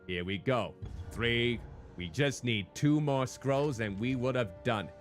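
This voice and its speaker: During a live game stream, a man with a mid-range voice speaks a little slowly in a mock noir private-eye manner. He keeps up a chatty conversation with viewers, greeting them by name over faint background music.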